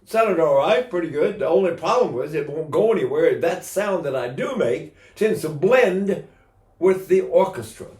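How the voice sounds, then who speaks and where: A man's voice: a little high, lively intonation, moderate pace, darkish tone, roomy sound. An older man teaching singing in a casual, rambling way, breaking into sung vowels to demonstrate.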